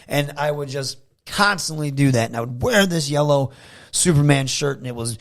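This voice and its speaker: A man from Michigan, a wrestler guest telling animated stories in a casual interview, often slipping into loud impressions. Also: fairly high pitch, normal speed. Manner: animated storyteller who slips into loud impressions.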